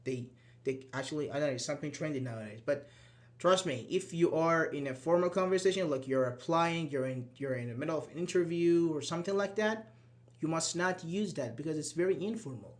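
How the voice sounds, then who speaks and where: A man's voice: a little high, a little fast. A man whose first language is Persian, teaching a live online grammar class and explaining step by step while checking in with students. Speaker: English teacher.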